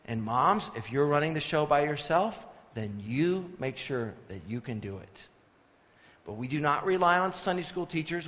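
A man preaching a sermon as pastor, swinging between quiet, firm instruction and loud, forceful scripture reading. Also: mid-range voice. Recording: long reverb of a large hall.

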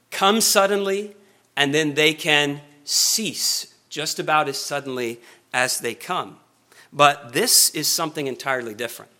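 A man preaching an expository sermon, earnest, slowing and speeding up for emphasis. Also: medium pitch. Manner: earnest, varies pace and loudness for emphasis.

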